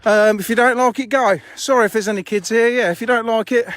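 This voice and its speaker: A man's voice: very high-pitched, fairly even intonation, fast talker, fairly bright tone, no echo, clean studio sound. A man chatting bluntly on a phone live stream while walking around his fishing lakes outdoors, a bit out of breath and swearing casually. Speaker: fishery owner streaming live.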